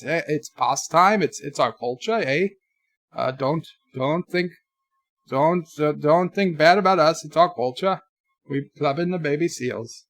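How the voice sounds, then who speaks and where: A man's voice: on the high side, fairly bright tone, dry recording, studio quality, heavily acted. A man putting on a bumbling Quebec character, hesitant and groping for words in a jokey way.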